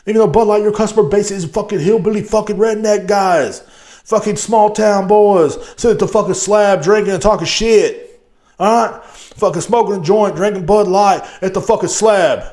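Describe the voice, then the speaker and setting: A man's voice: sits high, fairly quick, darkish tone, reverberant. A man from Texas, hosting a podcast in a profane, rambling, riled-up solo rant. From Texas, USA. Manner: riled-up, swears constantly, rambling. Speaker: podcast host.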